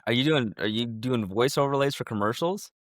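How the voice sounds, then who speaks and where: A man's voice: medium pitch, fairly quick, no echo, studio quality. A man co-hosting a sports podcast in casual chat, joking and laughing often while sick with a cough. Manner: excitable, jokey, laughs often. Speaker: podcast co-host.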